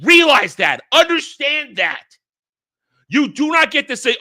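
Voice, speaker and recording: Guy ranting hard on his channel, high voice, really bright and sharp, leans on single words, mocks people in silly voices. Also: big pitch swings, a little slow. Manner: heated, emphatic, punches single words; crude insults and mocking quoted voices. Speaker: host. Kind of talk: ranting commentary monologue.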